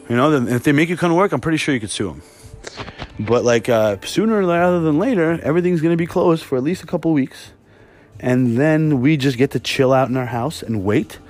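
A man hosting a podcast from home, in a rambling, heavily profane, animated rant. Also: on the high side, fairly quick. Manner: rambling, heavy swearing, animated. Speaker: podcast host.

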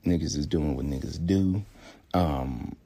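Deep gravelly man telling a story. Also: a little slow, mellow, dry recording. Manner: loose and profane, acting out quoted dialogue. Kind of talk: casual personal storytelling.

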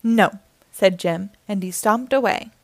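A woman's voice: medium pitch, lively intonation, measured pace, no room sound. A woman reading a children's picture book aloud, giving the characters their own voices. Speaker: storyteller.

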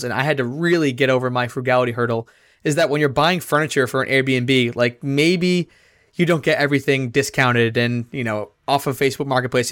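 A man co-hosting a podcast in casual chat, upbeat and chatty, with a slightly hoarse voice. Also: medium pitch, fairly bright tone, no room sound, clean studio sound. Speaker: podcast co-host.

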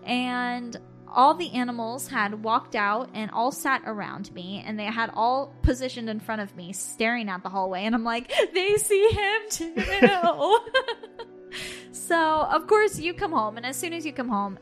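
A woman telling a story in a slightly high voice, animated and quick to laugh. She acts out her own past lines as she tells it. Faint music plays softly underneath. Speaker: podcast co-host. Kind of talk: casual storytelling chat.

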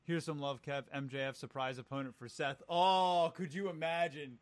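A man's voice: mid-range voice, a little fast. A man leads a loose online panel chat about wrestling, with a mid-range voice. He gives short, repeated affirmations and hands the mic to each guest in turn. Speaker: show host.

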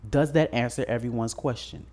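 Man, podcast co-host, casual chat, blunt, crude, mid-pitched voice. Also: brisk. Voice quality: blunt, animated storytelling with crude slang.

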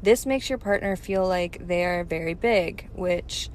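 A woman co-hosting a casual chat, calmly explaining a technique step by step with frequent ums. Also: on the low side, unhurried, a little hiss or hum. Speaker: podcast co-host giving advice. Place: parked car.

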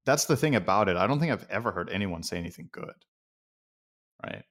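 A man from Denmark talks in a casual stream chat, his voice sitting a little low. He is blunt and opinionated and swears without a second thought. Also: animated, fairly quick, a bit bright.

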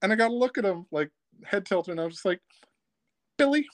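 A man's voice: sits high, a little fast, no room sound. Man telling camp stories with a dry, close sound. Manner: lively, laughs while telling stories. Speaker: podcast guest, former camp counselor. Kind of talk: casual storytelling.

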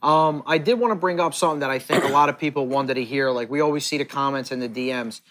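A man's voice: medium pitch, quick pace, fairly bright tone. A man hosting a casual chat at a restaurant, prompting his guest and agreeing with short replies. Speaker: podcast host.

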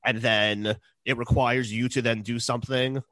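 A man co-hosting a podcast in casual chat, rambling with many fillers and often trailing off softly. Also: medium pitch, flat delivery, moderate pace, no echo. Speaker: podcast co-host.

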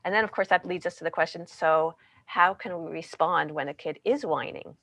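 A woman's voice: fairly low pitch, a little fast, fairly bright tone, no room sound. A woman, co-author of a parenting book, talking casually and often checking in with "right?" and "you know". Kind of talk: casual conversational explanation.

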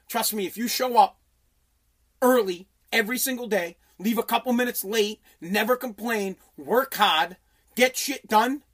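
A man's voice: sits high, fairly bright tone. A man, a business owner and radio host, ranting bluntly and profanely about hard work. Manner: profane, aggressive, emphatic. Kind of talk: blunt motivational rant.

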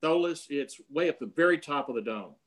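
A man's voice: fairly high pitch, animated, fairly quick. An older man telling long personal stories in a casual, rambling way, full of fillers and restarts. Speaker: guest storyteller.

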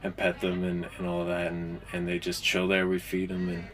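A young man telling a personal confession in a halting, casual way, with many fillers and restarts. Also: sits low, monotone, a bit bright, soft background music. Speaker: caller confessing a story.

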